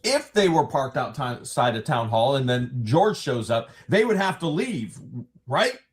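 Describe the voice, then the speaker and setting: A man guesting on a livestream, retelling a hearing in an animated, sarcastic way. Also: mid-range voice, measured pace. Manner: animated storytelling, sarcastic asides. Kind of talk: casual recap of a court hearing.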